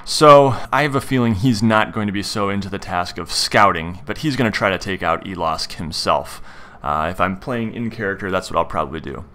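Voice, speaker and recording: A man's voice: deep voice, brisk, noisy background. A man hosting a tutorial, explaining how to play a tabletop game and acting out his character. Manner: explanatory, plays his character in first person. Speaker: game master and tutorial host.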